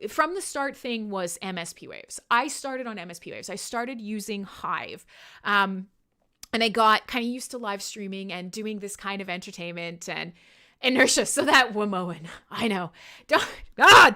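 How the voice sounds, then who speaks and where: A woman's voice: medium pitch, bright, forceful tone. A woman hosting her own music livestream, chatting casually to viewers in a rambling, self-deprecating way, with casual swearing and frequent laughs. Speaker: livestream radio host.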